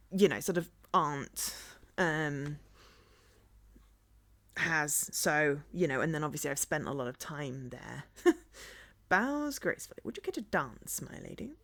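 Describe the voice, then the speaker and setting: A woman's voice: low voice, a bit bright, dry recording. A woman in her forties with a fairly neutral English accent, chatting casually on a live game stream, rambling and self-deprecating with lots of fillers and restarts. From English Midlands. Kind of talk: casual live-stream chat while gaming.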